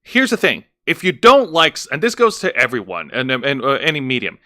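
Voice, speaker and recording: A man co-hosting a casual wrestling review show, talking in an animated way, swearing and restarting his sentences, his voice jumping up when he gets worked up. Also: mid-range voice, brisk. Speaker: podcast co-host.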